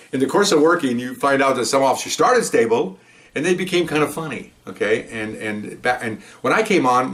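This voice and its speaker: A man in his sixties, a police veteran, telling stories in a rambling casual way. He keeps checking in with "okay?" and restarts his sentences often. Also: lowish voice. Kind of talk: casual storytelling monologue.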